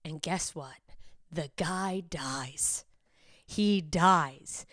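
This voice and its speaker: A woman's voice: low-pitched, drawn-out words, no room sound. A woman comedian hosting a podcast in casual, incredulous chat, riffing and swearing freely into a close mic. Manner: animated, profane, incredulous riffing.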